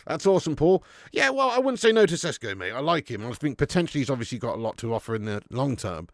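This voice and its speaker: An excitable man doing live fan commentary on a football match, swearing freely and chatting to viewers between plays. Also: mid-range voice, quick pace, vocal fry, no echo, studio quality. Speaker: fan watch-along commentator.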